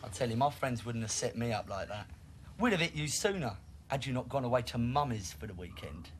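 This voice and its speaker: An actor playing a menacing robber who barks orders and sneers, in an old TV crime reconstruction. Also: male voice, medium pitch, lively intonation, brisk, slight background noise, close to an everyday voice. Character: menacing male robber, thuggish and mocking.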